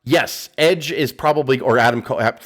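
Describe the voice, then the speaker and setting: A man co-hosting a chatty podcast, his voice sitting at an ordinary middle pitch. He talks casually and curses freely. As he tells a story he keeps breaking into quick impressions of the people in it. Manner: animated, profane, mimics people mid-story. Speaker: podcast co-host. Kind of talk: casual chat.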